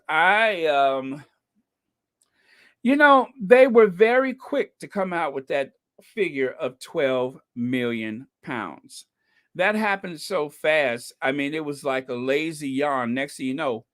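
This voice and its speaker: This is a man hosting a relaxed live podcast, his voice sitting on the higher side for a man. He takes his time, drawing out his words at an unhurried pace. He reads viewer comments aloud and thanks people by name, slipping in wry asides and easy laughs. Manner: chatty, greets and thanks viewers from live chat. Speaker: podcast host. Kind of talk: casual commentary on live stream.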